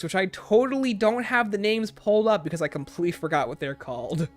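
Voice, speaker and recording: A man chatting casually on a gaming livestream, answering viewer comments and reeling off long lists in quick succession. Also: faint music behind. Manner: rapid-fire listing, sliding up and down in pitch.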